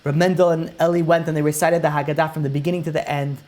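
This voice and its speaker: A rabbi recounting a gripping tale to his listeners. He speaks with lively, animated delivery and slips into the characters' voices as the story moves along. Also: on the high side, racing. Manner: animated retelling that acts out the characters' lines. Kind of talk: dramatic storytelling lesson.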